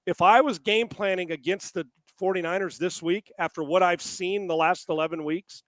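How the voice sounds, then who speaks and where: A man co-hosting a casual sports talk show, animated and profane, often stammering and restarting his sentences. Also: high voice, normal speed, dry recording. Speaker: sports analyst co-host.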